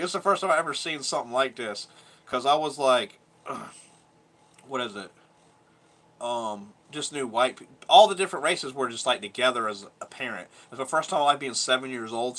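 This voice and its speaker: A man's voice: medium pitch, sharp tone. A man in his thirties telling a rambling, profane story from his childhood in a casual vlog, laughing now and then. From Georgia, US. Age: 30s. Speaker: vlogger.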